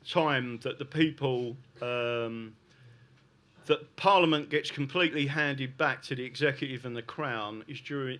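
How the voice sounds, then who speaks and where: A man's voice: mid-range voice, fairly bright tone. A man with a South London accent talking emphatically to a live audience, often tagging his points with "right?". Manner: emphatic, keeps adding "right?". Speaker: guest speaker. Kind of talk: live podcast talk to an audience.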